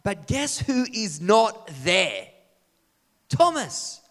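High-voiced preacher in a reverberant hall. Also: male voice, extremely slow. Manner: animated, rhetorical questions to the congregation. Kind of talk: sermon.

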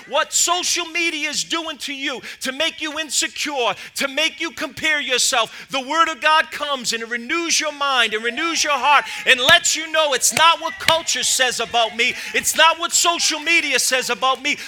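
A middle-aged lead pastor preaches an impassioned sermon, swinging between shouted peaks and low asides.

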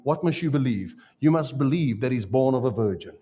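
A man's voice: medium pitch, lively intonation, fast, hardly any pauses, warm tone. A man preaching a sermon and asking his congregation questions. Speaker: pastor.

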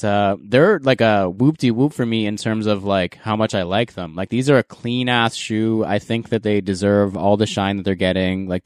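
A man's voice: lowish voice, clear, resonant tone, no room sound, studio quality. A man hosting a casual podcast, moving the talk along and reviewing sneakers in an easygoing way. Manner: relaxed, hosting and giving sneaker reviews with laughs. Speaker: podcast host.

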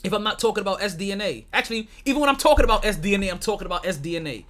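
A man's voice: high-pitched, lively intonation, racing, a bit bright. A man hosting a sports podcast, chatting loosely with his co-hosts, laughing often and swearing freely. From New York. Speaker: podcast host. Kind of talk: casual podcast chat.

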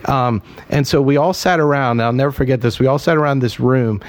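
A man's voice: mid-range voice, a little fast, no room sound. A man with a mid-range voice speaking in an emphatic, conversational way as a pastor on a podcast. He tells stories and presses his arguments. The sound is dry and close. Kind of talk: casual podcast chat.

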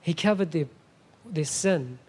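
A man's voice: a little high, lively intonation, a little slow, a little mellow, slightly rough. A middle-aged man preaching a sermon as a guest pastor, emphatic and often asking the congregation "Amen?".

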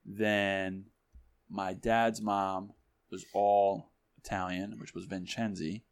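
A man co-hosts a casual podcast, his voice sitting a little low. He chats in a lively way, jumping into other people's voices as he tells stories. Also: takes it slowly, smooth. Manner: animated, mimics voices in stories. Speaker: podcast co-host. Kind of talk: casual chat.

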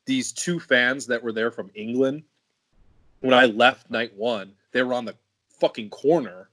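A man's voice: medium pitch, unhurried, sharp tone. A cursing man telling wrestling stories. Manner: profane, rambling storyteller. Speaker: professional wrestler. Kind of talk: casual podcast chat.

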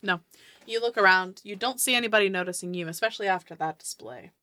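A woman narrating as game master of a tabletop game, telling the scene in a lively, descriptive way. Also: mid-range voice, quick pace, no echo.

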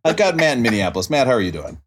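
A man hosting a podcast who talks fast and keeps the jokes coming. His voice is a little husky, and his pitch swings all over as he banters with his guests. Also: big pitch swings. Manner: joking, quick banter. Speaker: podcast host. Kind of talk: casual podcast chat.

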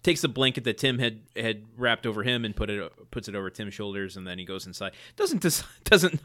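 A man's voice: lowish voice, level tone, quick pace, pushed and bright. A man co-hosting a comedy podcast, retelling a movie plot in a laid-back way with frequent chuckles. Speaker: podcast co-host. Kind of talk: casual comedic movie recap.

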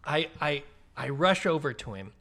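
A man's voice: a little high, expressive, moderate pace, creaky, a bit bright. A middle-aged man on a casual podcast, telling a rambling anecdote that he keeps correcting and restarting as he goes. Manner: rambling, self-correcting storyteller. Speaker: podcast co-host and trivia player.

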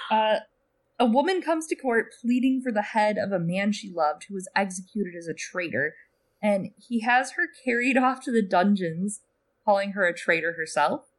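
Young female co-host, dry sarcastic wit, relaxed casual chat. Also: mid-range voice. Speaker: podcast co-host.

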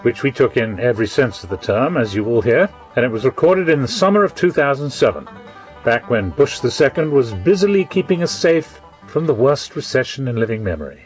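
A man's voice: medium pitch, expressive, fairly quick, muffled recording, faint music behind. A man hosting a radio show, giving a dry, wry scripted introduction. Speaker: radio host.

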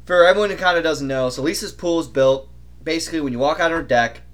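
Young male podcast co-host, chatty and animated, fairly high-pitched. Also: fast. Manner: animated, imitates others' voices. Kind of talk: casual storytelling chat.

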